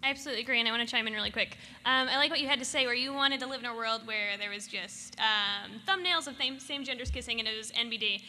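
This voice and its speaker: A woman moderating a live panel discussion in an animated, storytelling way. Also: a little high, fast, hardly any pauses. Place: convention hall stage. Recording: echoey hall with faint noise.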